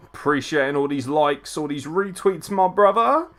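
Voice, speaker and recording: A man's voice: on the high side, animated, moderate pace, fairly bright tone. A man hosting a live wrestling watchalong, tipsy, chatty and profane as he reacts and greets viewers. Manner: profane, chatty, frequent swearing. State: tipsy from drinking. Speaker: wrestling podcast host.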